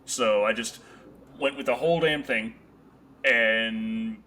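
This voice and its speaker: A young man hosting a casual livestream chat, excitable and tripping over his words with many restarts. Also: medium pitch, slow. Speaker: show host.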